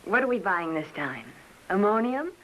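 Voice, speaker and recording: An actress playing a spirited, exasperated American wife, in 1950s TV drama style. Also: female voice, medium pitch, normal speed. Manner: exasperated and lively.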